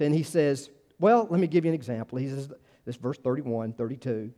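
A man's voice: mid-range voice, a little fast, warm tone. A male pastor, preaching a conversational sermon full of restarts and acted-out quotes.

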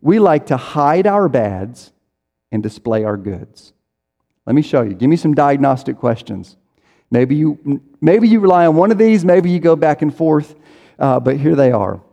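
A man's voice: a little high, animated, unhurried, creaky, dark tone, dull audio. A man preaching a sermon in a conversational way, acting out people's inner voices as he goes. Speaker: pastor. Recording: reverberant hall.

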